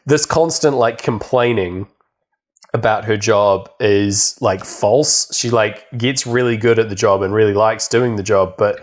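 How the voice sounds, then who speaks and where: A man's voice: on the low side, a little slow. A young man co-hosting a podcast, casually recapping a film with lots of fillers and laughter. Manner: rambling, many fillers, laughs often. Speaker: podcast co-host.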